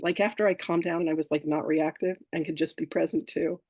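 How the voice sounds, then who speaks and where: A woman with a fairly low voice hosts a spiritual workshop in casual, affectionate talk. She tells stories in an animated way. The sound is dry and close. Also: brisk, no room sound. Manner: affectionate, animated storyteller who greets people warmly.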